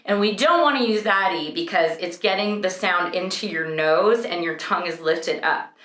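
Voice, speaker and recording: A young woman vocal coach teaching a singing lesson, explaining clearly and breaking into sung vowel demonstrations. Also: lowish voice, moderate pace, fairly bright tone, reverberant.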